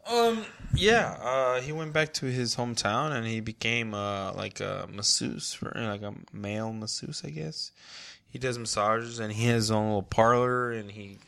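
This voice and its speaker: Bright-voiced man telling army stories. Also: mid-range voice, moderate pace, gravelly. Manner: relaxed storyteller, laughs through anecdotes. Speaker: interview guest, older brother. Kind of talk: casual family conversation.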